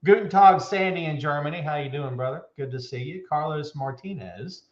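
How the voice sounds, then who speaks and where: A man hosting a live show, loud, joking and hyped, talking from an office with a bare floor and a window. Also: on the high side, animated, normal speed. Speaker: show host. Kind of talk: live show, casual chat. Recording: echoey room, dull lo-fi sound.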